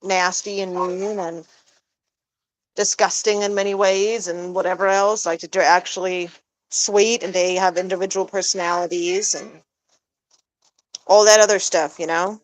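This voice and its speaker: A woman chatting casually to camera as a pet-owner vlogger, rambling with lots of fillers and restarts, sometimes cooing in a high baby voice, recorded outdoors in a backyard. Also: level tone, unhurried, rough recording.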